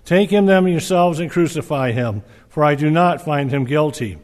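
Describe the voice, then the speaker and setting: A man reading the lines of an uneasy Roman governor in a measured, earnest way. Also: a little high, darkish tone, close to an everyday voice. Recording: reverberant hall.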